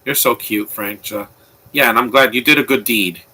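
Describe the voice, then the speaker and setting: A man's voice: medium pitch, normal speed, sharp tone, slightly rough, low-quality recording. A man giving casual, opinionated live commentary on a movie, rambling with frequent restarts. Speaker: film commentator.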